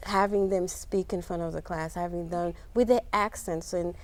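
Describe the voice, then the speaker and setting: A woman's voice: on the low side, steady tone, moderate pace. A woman with a New York accent, speaking as a nurse educator in a panel discussion, chatty and emphatic, repeating herself for stress.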